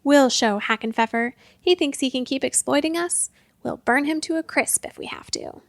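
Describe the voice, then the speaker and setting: A woman's voice: high-pitched, moderate pace, vocal fry, no echo. A woman voicing a huge, angry creature leader who talks defiantly of revenge. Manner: vengeful, defiant.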